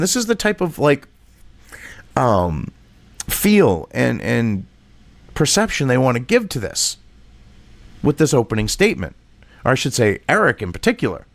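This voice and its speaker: Man, commentary vlogger, ranting and sarcastic, animated pitch, dry close sound. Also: moderate pace, dry recording. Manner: heated, profane and sarcastic; reads an article aloud and rebuts it. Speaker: political commentator.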